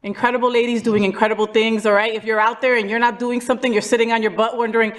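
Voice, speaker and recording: Animated woman hosting a talk show. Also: fairly high pitch, fast talker. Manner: animated, emphatic, playful. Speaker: host. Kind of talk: casual talk show chat.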